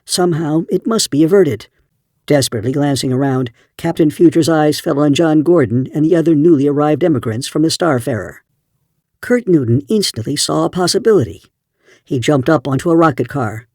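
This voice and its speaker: A man narrating an audiobook in a steady storytelling voice. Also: on the high side, a little fast, no echo, clean studio sound. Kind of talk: scripted narration.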